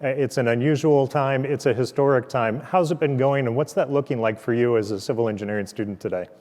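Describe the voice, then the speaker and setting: A man's voice: mid-range voice, fast talker, darkish tone. Guy hosting a virtual thank-you event, earnest, lots of uhs, echoey lab. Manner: earnest, with frequent fillers and restarts. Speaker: host, development officer. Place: university lab turned into a studio.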